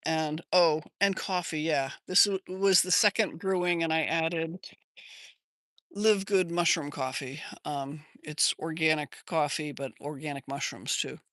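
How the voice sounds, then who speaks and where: A woman's voice: low voice, fairly even intonation, a little slow, a bit bright, no echo, clean studio sound. An older woman with an American accent hosting a casual livestream from her yard, rambling and chatting as she answers viewer comments on a phone. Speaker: livestream host.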